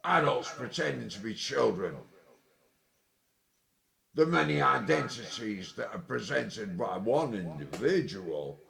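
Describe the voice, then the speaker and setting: A tipsy man delivering an angry, sweary, rambling monologue, with sudden loud outbursts. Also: mid-range voice, expressive, a little slow, creaky, a crowd in the background. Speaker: vlogger. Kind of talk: ranting monologue.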